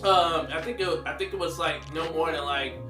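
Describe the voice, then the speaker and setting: A man in his thirties telling a story in a slangy, animated way, laughing often. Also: a little high, moderate pace, reverberant, far from the mic, over music. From United States. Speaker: vlogger. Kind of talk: casual storytelling.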